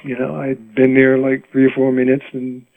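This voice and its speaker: A man's voice: medium pitch, completely flat delivery, normal speed, gravelly, dry recording, narrow, tinny audio. An older man from Rhode Island, a mandolin player, telling stories in a casual interview, chatty and laughing with many restarts.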